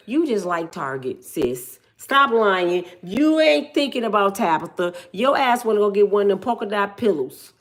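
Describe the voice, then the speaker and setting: A woman's voice: medium pitch, very animated, moderate pace, hardly any pauses. A middle-aged woman from Michigan telling stories in a blunt, joking way and acting out the voices of the people she quotes. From Michigan, USA. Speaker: business owner telling stories. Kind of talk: casual storytelling monologue.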